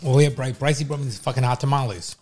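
Man, quick talker, brash, swears a lot, podcast co-host, casual banter, studio mic. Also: medium pitch, a little mellow, soft background music.

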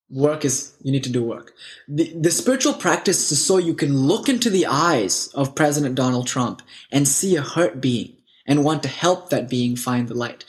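A man casually telling spiritual stories, animated and loose, full of fillers and asides. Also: on the high side.

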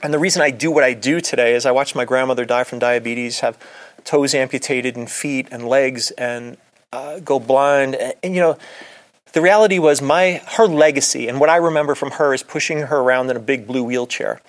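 A middle-aged man hosts his own podcast as a doctor, talking straight to the listener in a loose, chatty monologue. His voice sits at an ordinary middle pitch. He tells stories with an earnest, friendly push. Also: fairly quick. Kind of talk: casual solo podcast monologue.

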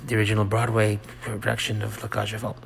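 A middle-aged man hosting a rambling personal monologue, halting and self-mocking, often dropping into soft whispered asides. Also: on the low side, monotone, creaky, slight background noise. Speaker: monologue host.

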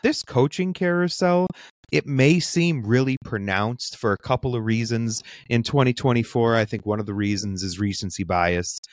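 A man co-hosting a sports podcast, calmly laying out a counterpoint in casual chat. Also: mid-range voice, no room sound, studio quality. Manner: measured, lays out a counterpoint. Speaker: podcast co-host.

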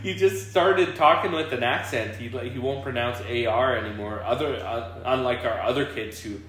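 A man's voice: mid-range voice, normal speed, fairly bright tone. Rambling man in an echoey room. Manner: rambling, laughs often, many fillers. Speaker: podcast host. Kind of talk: casual chat. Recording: very echoey room, faint hiss.

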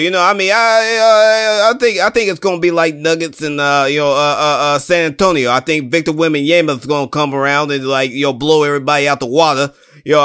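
A man with a slightly high, smooth, resonant voice rambles through his basketball picks and hedges with a stream of fillers. He sounds loose and casual among friends. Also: a bit bright. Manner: rambling, hedging, many fillers. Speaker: sports talk panelist. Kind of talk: casual sports chat.

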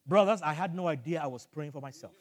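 An older man from Nigeria preaching a sermon as pastor, telling a story with animated energy and bursts of shouting. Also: on the high side, fast talker, long reverb tail. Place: church hall.

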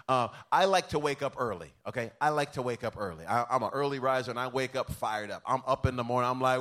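Animated preacher man, playful and loud. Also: mid-range voice, a little fast, hardly any pauses. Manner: animated, self-deprecating storytelling with sudden loud bursts. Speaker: pastor. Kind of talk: humorous sermon. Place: chapel.

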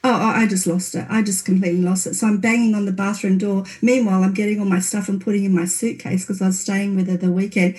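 A woman's voice: fast talker, few pauses. Laughing woman telling a scary story. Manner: animated, laughing, rises high when reliving panic. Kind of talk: casual storytelling chat.

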